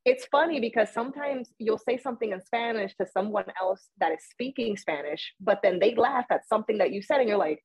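A woman's voice: fairly high pitch, brisk, few pauses, dry recording. A woman from Puerto Rico hosting a podcast, chatting casually and telling stories with a lot of laughter. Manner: animated storyteller, laughs often. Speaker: podcast host. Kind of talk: casual interview chat. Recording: muffled lo-fi sound with a husky edge.

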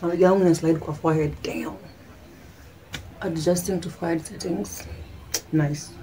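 Chatty young Kenyan woman, low voice. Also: fairly even intonation, measured pace, noisy background. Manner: chatty, laughs often, switches freely between English and Swahili slang. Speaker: vlogger. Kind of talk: casual chat.

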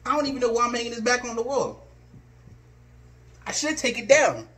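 Angry high-voiced sports fan ranting. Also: male voice, sing-song, brisk, fairly bright tone. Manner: angry, exasperated, repetitive insults. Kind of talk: ranting vlog.

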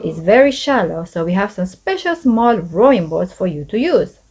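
A woman's voice: medium pitch, big pitch swings, moderate pace, a little mellow, slightly rough. A woman reading the part of a friendly woman announcing a rowing race. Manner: announcing, welcoming.

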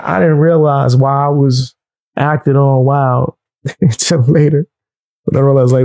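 Gravelly New man telling a story. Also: medium pitch, moderate pace, no echo, low-quality recording. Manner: animated, profane, laughing storyteller. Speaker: show host. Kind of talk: casual storytelling.

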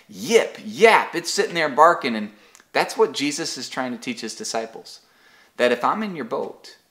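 A man's voice: medium pitch, a bit bright. Man teaching a casual Bible study. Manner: conversational, repeats words as he restarts, tells homely examples.

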